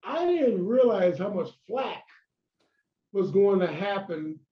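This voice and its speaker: A man's voice: high voice, sing-song, slow pace. A man, a former wrestler, telling stories in a casual interview, rambling and restarting as he acts out old conversations. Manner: rambling, full of restarts and acted-out quotes. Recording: roomy, dull lo-fi sound.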